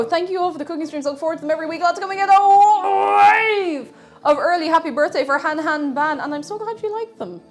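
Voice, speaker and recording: A woman streamer with a very high voice chats quickly and playfully with her viewers while cooking in her home kitchen on a livestream. Her banter is rambling and teasing, picked up on a streaming mic with faint music behind her.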